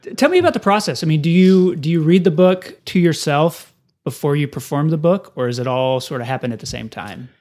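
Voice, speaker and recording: A man's voice: fairly high pitch, expressive, a little fast, darkish tone. A man interviewing a guest, asking curious, prompting questions in a casual way. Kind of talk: conversational interview.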